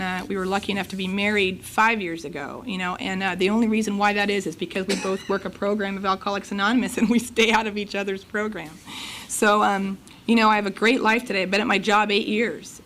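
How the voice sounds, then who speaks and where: At a recovery meeting, a middle-aged woman with a medium-pitched voice shares her personal testimony, telling it in a lively way and acting out the conversations. There's a little hiss or hum in the audio.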